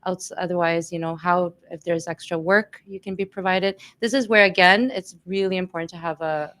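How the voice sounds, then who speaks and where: Woman teacher as podcast guest, lowish smooth voice, earnest and explanatory. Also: steady tone, moderate pace, fairly bright tone. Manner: earnest, explaining with many fillers. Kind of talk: advice in casual conversation.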